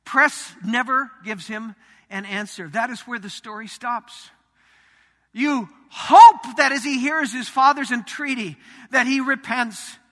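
A man pastor preaching a sermon in a church sanctuary, dramatic, swinging from loud emphasis to hushed asides. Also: extremely high pitch, unhurried. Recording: reverberant sanctuary.

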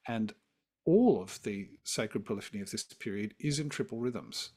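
A man guesting as a music scholar, explaining at length in a fairly low voice. He talks like a lecturer caught up in his subject, eager and fired up. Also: expressive, normal speed, dark tone. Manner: enthusiastic, lecturing. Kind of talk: explanatory conversation.

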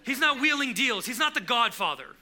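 A man's voice: very high voice, lively intonation, a little fast, pushed and bright. A man preaching a sermon in a conversational way, often restarting his sentences and rising to emphatic bursts. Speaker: pastor.

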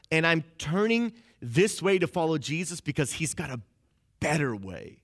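A young man preaching a sermon in a casual, conversational way, peppered with "like" and quick acted-out inner voices. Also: on the high side, big pitch swings, a bit bright. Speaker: pastor.

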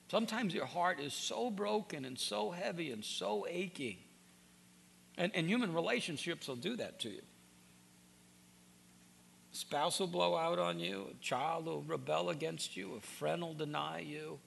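A man's voice: high-pitched, animated, normal speed, vocal fry, fairly bright tone, slight background noise. A man preaching a sermon, earnest and direct, often repeating words as he starts a sentence. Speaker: pastor.

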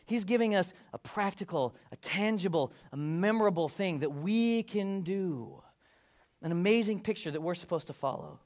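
A man with a high, light voice delivering a sermon with lots of energy. He jokes with the listeners and acts out the people in the story as he goes. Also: moderate pace. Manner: animated, playful asides, acts out voices of the disciples. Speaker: pastor.

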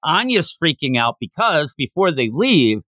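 A man hosting a podcast, recapping a manga chapter in a casual, animated way and acting out the characters' lines. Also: on the high side, a little slow, no echo, studio quality. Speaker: podcast host.

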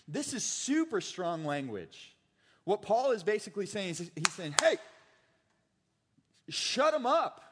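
High-voiced, chatty male preacher, animated and joking, recorded in a reverberant hall. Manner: animated, chatty, jokey asides with quoted voices. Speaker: pastor. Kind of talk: casual sermon with personal stories.

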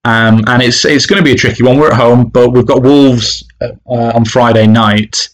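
A man's voice: medium pitch, steady tone, normal speed, rough recording. A man co-hosting a casual football podcast, talking with frequent restarts and fillers. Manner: hesitant, many restarts and fillers. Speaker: podcast co-host, football fan.

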